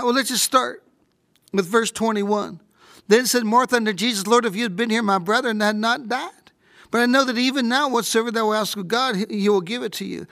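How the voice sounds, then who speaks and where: Fervent female preacher, high-pitched, dry close-miked sermon, stumbles and repeats when stirred. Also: no room sound. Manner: fervent, swings from hushed whispers to raised shouts.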